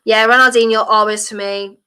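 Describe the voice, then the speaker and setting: A woman's voice: fairly high pitch, flat delivery, fairly quick, sharp tone, clean tone. A young woman from Durham with a toned-down North East English accent, chatting casually on a football watchalong stream, reading viewer comments and answering bluntly with some mild swearing. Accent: mixed North East English, toned down. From Durham, England.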